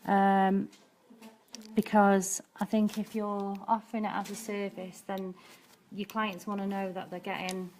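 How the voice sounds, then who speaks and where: A woman's voice: mid-range voice, little pitch movement, a little slow, darkish tone, slight background noise. A woman nail technician and educator giving a chatty, practical live-streamed nail art demonstration, with frequent ums as she works.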